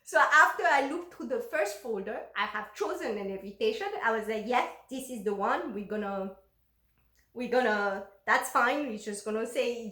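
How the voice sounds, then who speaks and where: A woman with a high, bright-pitched voice tells a personal story to camera in a candid, unfiltered way. She is frank and emotional and swears freely. The sound carries a roomy echo. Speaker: vlogger recounting her own life.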